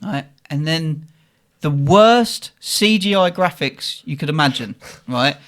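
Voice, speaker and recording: A young man tells a story on a casual podcast. He is animated and profane, acting out the people in the story. His voice sits slightly high for a man. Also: slow pace. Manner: animated, swears freely, quotes people in the story. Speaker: podcast co-host.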